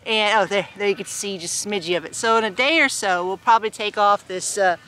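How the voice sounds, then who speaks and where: A woman's voice: mid-range voice, fairly quick, bright, forceful tone, a little hiss or hum. A woman reading a picture book aloud outdoors on a farm, chatting in giggly asides between the pages. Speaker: storytime reader on a farm. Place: outdoors on a farm by a hay bale with animals.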